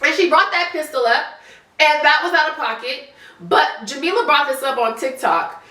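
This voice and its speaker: Sassy high-voiced congested woman. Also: normal speed, echoey room. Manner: animated, sassy, blunt with profanity. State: congested, stuffy nose. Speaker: commentary vlogger. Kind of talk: casual reality TV commentary.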